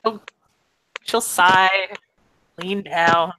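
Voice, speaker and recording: A woman describing her character's moves in casual, offhand speech. Her voice is bright and crisp. A faint hiss runs underneath. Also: lowish voice, steady tone, extremely slow, rough recording. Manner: casual, laughing, swears freely. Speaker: player. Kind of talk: casual tabletop play.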